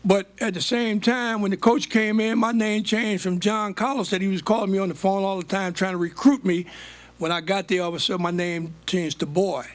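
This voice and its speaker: A man's voice: sits high, fairly quick. An older man, telling stories from his life as a guest speaker on stage. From United States. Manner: animated storytelling, plays out quoted dialogue. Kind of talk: storytelling on stage.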